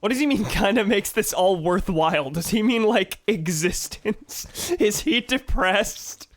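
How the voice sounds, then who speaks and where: In a dry, studio-quality recording, a sore-throated young man streams a game with high-pitched, expressive delivery at a measured pace. He's casual and jokey, cursing now and then and voicing the in-game lines aloud.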